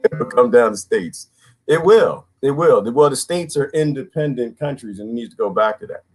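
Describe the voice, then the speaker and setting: A man's voice: mid-range voice, normal speed, slightly rough. A middle-aged man hosting a casual livestream, reading comments aloud and talking straight to his viewers. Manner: animated, talks to viewers and reads comments aloud. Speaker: livestream host.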